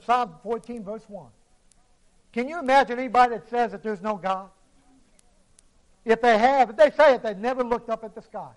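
A man preaching a sermon, telling a cautionary story dramatically, with swings from hushed lines to emphatic ones. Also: very high voice, poor audio.

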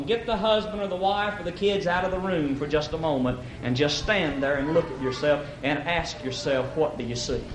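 A man's voice: on the high side, echoey room, noisy background. A man preaching a folksy, emphatic sermon at an evening church service, telling a story and acting out its characters.

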